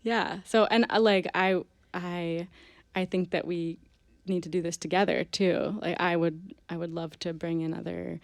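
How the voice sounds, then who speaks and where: A woman musician chatting as a radio guest, soft-spoken and hesitant, with many ums and small laughs. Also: fairly low pitch, fairly even intonation, a little slow, vocal fry, hardly any pauses, no echo. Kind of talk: casual radio interview chat. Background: guitar.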